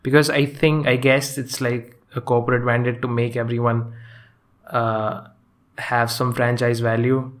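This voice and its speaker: A man giving a casual spoken movie review, talking in a halting way with frequent restarts and fillers and chuckling often. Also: mid-range voice, level tone. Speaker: film reviewer.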